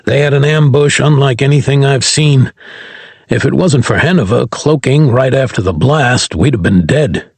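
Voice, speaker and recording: A male narrator voicing a gruff, battle-weary soldier in a science fiction audiobook. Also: normal speed, no echo. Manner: low, grunting delivery.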